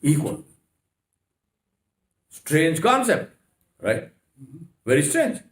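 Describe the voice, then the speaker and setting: A man's voice: on the high side, wildly swooping pitch, extremely slow. Emphatic male lecturer in an echoey hall. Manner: emphatic, rhetorical questions, repeated "no, no, no". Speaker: Islamic lecturer. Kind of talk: religious lecture. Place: mosque hall.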